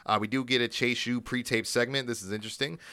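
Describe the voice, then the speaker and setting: A man co-hosting a podcast, casually recapping wrestling shows at length and quoting promos in animated voices. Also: medium pitch, quick pace, clean tone, dry recording.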